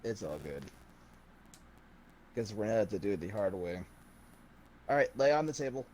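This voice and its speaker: Mellow-voiced joking male player. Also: lowish voice, big pitch swings, normal speed, slight background noise. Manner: joking, mock-sinister. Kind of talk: casual tabletop play.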